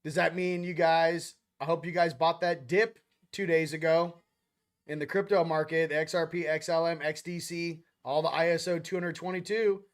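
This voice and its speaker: A man's voice: fairly high pitch, steady tone, moderate pace. A man hosting a casual spiritual chat show, rambling between topics in a slangy, offhand way. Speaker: host.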